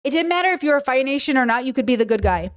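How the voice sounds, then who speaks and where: Rapid-fire and high-pitched, with lively intonation, a woman hosts a podcast livestream. She responds frankly and casually to chat questions, regularly checking in with those tuning in.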